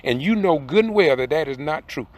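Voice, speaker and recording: A man's voice: a little high, animated, brisk. A man, delivering an impassioned, preacherly monologue from a car. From southern Georgia, USA. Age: 60s. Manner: fiery, preacherly, repeats points, rises to emphatic peaks. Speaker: independent video commentator. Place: in a car while driving.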